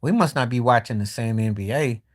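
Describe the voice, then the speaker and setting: A man hosting a live stream from his phone, talking basketball opinions in a blunt, skeptical way, with lots of rhetorical questions and frequent throat clearing. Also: mid-range voice, brisk. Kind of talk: casual basketball opinion talk. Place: walking while streaming.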